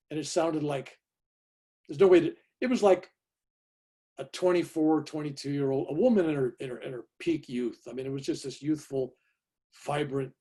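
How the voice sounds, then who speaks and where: Husky older man telling a lively story. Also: mid-range voice. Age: 70s. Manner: emphatic, lively, tag questions. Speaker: guest speaker. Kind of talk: animated personal storytelling. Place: home, on a video call.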